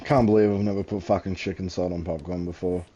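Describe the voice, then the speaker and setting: A man's voice: fairly even intonation, fast, dark tone. A young man swearing freely in casual chat while playing a game. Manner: crude, slangy, swears a lot. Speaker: gamer. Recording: dull low-fi home mic.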